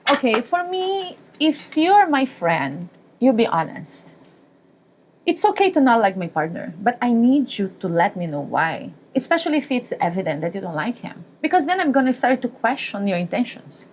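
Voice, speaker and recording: Brief: woman co-host, expressive and dramatic in her retelling, high-pitched and lively. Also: normal speed, a little hiss or hum. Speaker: podcast co-host. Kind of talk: casual storytelling chat.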